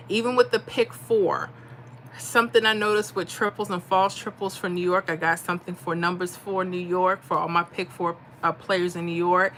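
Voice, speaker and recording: A woman's voice: lowish voice, a bit bright, slight background noise. A middle-aged woman from Florida, chatting casually on a livestream and reading out viewer comments. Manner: chatty, reads comments aloud, folksy. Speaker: livestream host.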